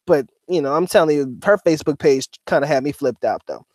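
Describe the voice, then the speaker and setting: A man chatting on a livestream in loose slang, dropping curses and laughing easily. His voice sits a little high, and it sounds dry and close, with no room around it. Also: a little fast, darkish tone, no echo. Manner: slangy and profane, laughs often. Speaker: livestream co-host reading chat. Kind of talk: casual livestream chat.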